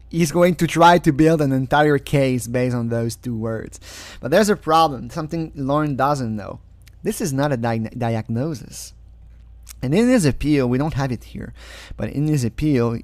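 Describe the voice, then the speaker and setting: A man's voice: fairly high pitch, normal speed, darkish tone, no echo. A man who is not a native English speaker, giving casual, sarcastic commentary, often breaking into mocking laughter.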